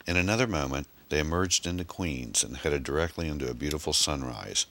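A man narrating an action story in a brisk, dramatic audiobook style and voicing the male lead. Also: rumbling low, animated, fairly bright tone. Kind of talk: audiobook narration with character voices.

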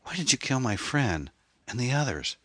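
A man's voice: on the low side, wildly swooping pitch, quick pace, gravelly, a bit bright, slightly rough, no room sound, voice pushed up, full character voice. A man voicing a frightened woman held captive, speaking in a raised, shaken voice. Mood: horrified. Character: terrified woman held captive, shocked and pleading.

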